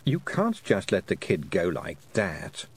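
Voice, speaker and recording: A man's voice: low voice, huge pitch swings, measured pace, slightly rough, exaggerated voice. A man doing a sarcastic talking toad. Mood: wry. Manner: sarcastic, dry. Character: sarcastic talking male toad, dry and know-it-all. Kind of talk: audiobook character voice.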